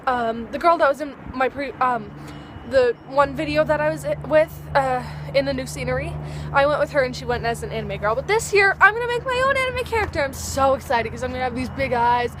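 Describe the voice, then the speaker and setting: A woman's voice: high voice, animated, a little fast, noisy background. A teenage girl vlogging outdoors at dusk, chatting in a bubbly, rambling way and acting out little dialogues. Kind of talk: casual chat to camera.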